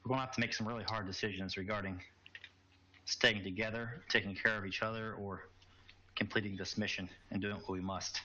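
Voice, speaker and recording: A man's voice: on the low side, steady tone, brisk, pushed and bright, slight background noise. A man voicing a worried young woman fugitive in a tabletop game, speaking earnestly. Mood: solemn. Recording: muffled lo-fi recording.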